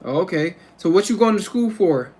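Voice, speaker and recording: A man talks loosely to his livestream viewers from home, his voice sitting a little high. He rambles, circling back over the same phrases and restarting his sentences. The tone is casual and unscripted. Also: animated, moderate pace, darkish tone, slightly rough. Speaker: livestream host.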